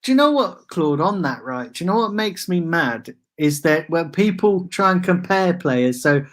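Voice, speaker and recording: A man's voice: a little high, lively intonation, moderate pace. A man in casual football chat, blunt and chummy, ranting about pundits. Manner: blunt, chummy, rants with "mate". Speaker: show host.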